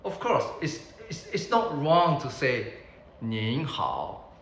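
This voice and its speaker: Slow, patient man teaching Mandarin. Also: a little high, sing-song, fairly bright tone, echoey room, slight background noise, poor audio. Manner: slow, repeats words for learners to copy. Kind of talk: beginner language lesson.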